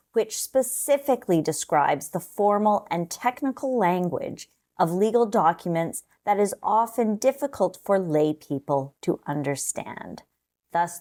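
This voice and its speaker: A woman narrating a scripted test-prep lesson in a slow, measured, explanatory way. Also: mid-range voice, a little mellow.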